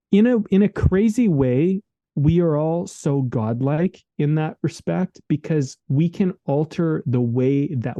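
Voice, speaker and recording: A man's voice: fairly high pitch, dark tone, dry recording, lo-fi sound. A man co-hosting a podcast, talking in an earnest, rambling, casual way, full of "like" and "man", recorded remotely. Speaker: podcast co-host. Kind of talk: casual reflective conversation. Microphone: remote call microphone.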